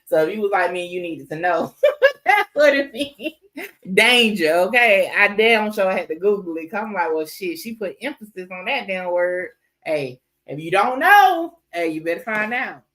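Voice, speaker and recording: A woman's voice: mid-range voice, big pitch swings, normal speed, fairly bright tone, low-quality recording. A woman co-hosting a livestream, giving blunt, profane casual commentary full of fillers.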